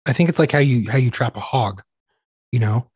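A man's voice: mid-range voice, animated, brisk, a little mellow, husky, dry recording, studio quality. A man co-hosting a podcast, telling crude, joking anecdotes in casual chat.

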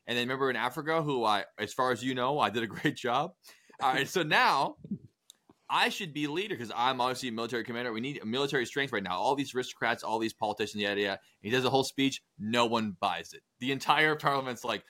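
A bright-voiced man hosts a loose, profane comedy history podcast. He tells the story with lots of energy and keeps slipping into goofy voices for the people in it. It sounds like easygoing banter among friends. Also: mid-range voice, fast, hardly any pauses. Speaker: podcast host. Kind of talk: casual comedic history chat.

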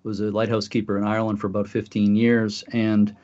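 Low-voiced man, rambling storyteller. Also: little pitch movement, fairly quick, a little mellow. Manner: rambling, many fillers and restarts. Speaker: podcast co-host. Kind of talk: casual conversational storytelling. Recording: dull lo-fi audio.

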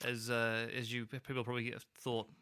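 A man co-hosting a casual podcast, chatty and quick to exclaim. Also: mid-range voice, clean tone. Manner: excitable, chatty, prone to exclamations. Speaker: podcast co-host.

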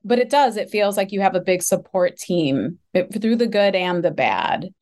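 A woman's voice: medium pitch, expressive, normal speed, darkish tone. Female podcast host, friendly and encouraging, casual interviewer.

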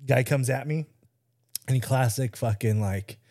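A man in his thirties, co-hosting a podcast, tells a story at a measured pace in a warm, medium-pitched voice. He keeps it casual, swears freely and impersonates the people he quotes. The recording is dry and close-miked.

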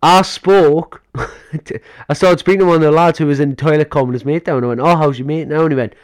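A man's voice: a little high, steady tone, a little fast. A young man co-hosts a casual podcast, rambling through stories. He acts out other people's lines as he goes and laughs often. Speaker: podcast co-host. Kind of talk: casual chat.

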